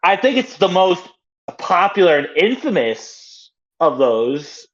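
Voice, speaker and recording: High, lively-voiced man co-hosting. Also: slow, dull audio. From North Carolina. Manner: stammering, enthusiastic. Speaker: podcast co-host. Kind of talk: casual chat.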